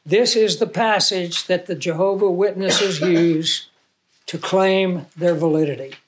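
A man preaching a Bible teaching sermon in a conversational way, asking the audience questions and reading scripture slowly with emphasis. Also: high-pitched. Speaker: pastor.

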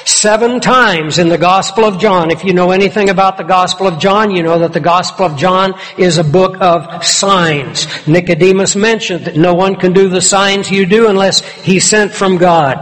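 A man preaching an expository sermon with emphatic, deliberate delivery. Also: sits high, fairly even intonation, fairly bright tone. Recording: long hall reverb.

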